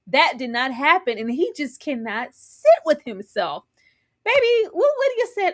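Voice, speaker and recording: Lively high-voiced woman recapping a show. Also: moderate pace. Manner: animated retelling with acted-out quotes and laughter. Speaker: podcast host. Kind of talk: live TV recap discussion.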